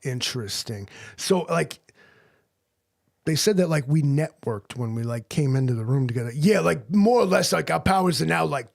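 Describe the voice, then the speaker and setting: Gravelly rambling man improvising on a livestream. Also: a little high, lively intonation, moderate pace. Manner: rambling, crude, heavy use of "like" and "you know". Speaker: livestream comedy performer.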